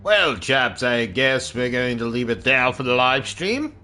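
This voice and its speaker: A man's voice: mid-range voice, sing-song, unhurried, sharp tone, soft background music. A man hosting a gaming live stream, signing off with a theatrical, mock-grand delivery. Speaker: gaming channel host. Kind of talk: live stream commentary and sign-off.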